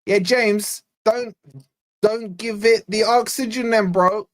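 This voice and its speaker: A man's voice: high voice, steady tone, takes it slowly. Scottish-born man doing live football commentary. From Scotland. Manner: casual play-by-play, bantering with live chat. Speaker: fan channel host.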